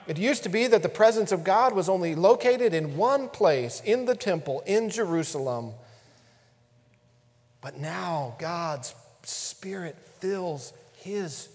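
A man with a high voice preaches a sermon to his congregation. He swings between hushed, intimate passages and loud emphasis. His voice rings with the long reverb of a large hall. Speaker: pastor.

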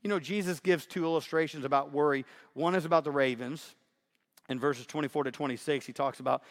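A man's voice: fairly high pitch, steady tone, brisk, big-room sound. A man preaching in a conversational, emphatic sermon style, often repeating himself.

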